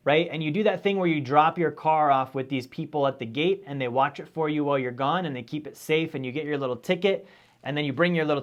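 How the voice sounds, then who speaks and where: A man with a fairly high voice gives a live-streamed lecture on personal finance. He is energetic and conversational, and he keeps checking in with "right?" as he explains. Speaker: finance educator.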